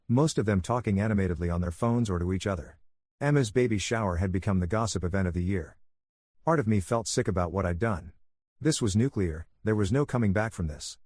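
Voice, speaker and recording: Calm, low, husky male story narrator. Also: dry recording, clean studio sound. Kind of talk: first-person story narration.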